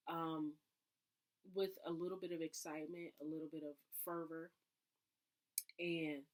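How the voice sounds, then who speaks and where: A vlogger talks casually to her viewers in a confessional video, chatty and reflective, her speech full of "like" and "um." When she vents, she jumps into louder, higher, acted outbursts.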